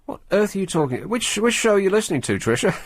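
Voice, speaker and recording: A man's voice: high voice, sing-song, quick pace, no room sound. Sardonic male radio host, dry studio sound. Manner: sardonic, mocking. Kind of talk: casual radio talk. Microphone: studio microphone.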